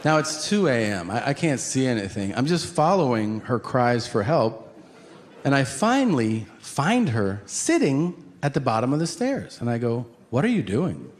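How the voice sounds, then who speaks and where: A middle-aged man doing stand-up storytelling on stage, animated and jumping into loud acted quotes. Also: mid-range voice, moderate pace, long reverb tail. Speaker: stand-up comedian. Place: comedy stage. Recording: live stage recording with audience noise.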